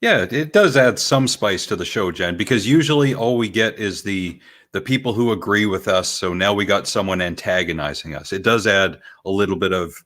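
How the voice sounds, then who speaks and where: Co-host, Canadian man, slightly low voice, easygoing and thoughtful in chat. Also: fairly quick, fairly bright tone. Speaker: podcast co-host. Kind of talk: casual podcast chat.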